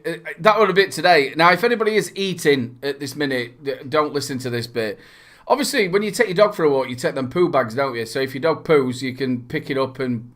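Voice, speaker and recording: A young man co-hosting a charity livestream in casual chat, telling stories with lots of laughter. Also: on the high side. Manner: animated storyteller, laughs a lot.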